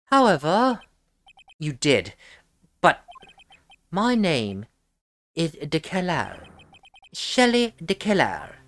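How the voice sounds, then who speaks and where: Brief: polite gentleman assassin, man, voiced by a woman, deep and formal. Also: very animated, takes it slowly, pauses often, full character voice. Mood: calm, menacing. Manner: courteous, formal, quietly menacing. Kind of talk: fan voice-over of a game.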